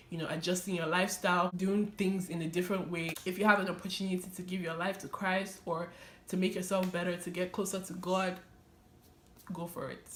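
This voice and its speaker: A woman's voice: fairly low pitch, a little hiss or hum. Young woman telling her testimony, echoey room. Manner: animated, laughs often, many fillers. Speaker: vlogger sharing her testimony. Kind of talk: casual personal storytelling.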